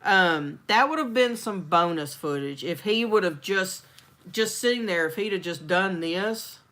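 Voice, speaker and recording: A woman from Texas, chatting as a host. Her voice is bright and lively, and she acts out other people's lines as she tells stories. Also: lowish voice, measured pace. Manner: animated storyteller, acts out quotes. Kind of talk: casual chat.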